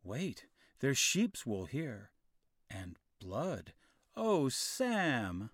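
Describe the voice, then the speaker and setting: A man voicing a worried, gentle village mother in a storybook reading, in a raised, soft voice. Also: medium pitch, wildly swooping pitch, drawn-out words, no room sound, studio quality, heavily acted. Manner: anxious then soothing.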